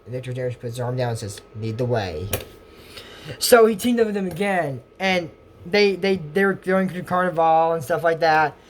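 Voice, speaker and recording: A man's voice: a little high, fairly quick, a little hiss or hum. Man rambling through a cartoon recap. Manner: rambling retelling with fillers and restarts, half-acts quotes; chatty asides to viewers. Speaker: YouTube episode recapper. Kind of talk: casual cartoon episode recap.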